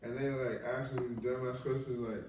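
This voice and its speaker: A man's voice: medium pitch, flat delivery, a little fast, darkish tone, a little hiss or hum. A man chatting as a comedian, telling stories bluntly with lots of swearing. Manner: blunt, profane storyteller. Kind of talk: casual comedic chat. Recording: echoey room, distant mic.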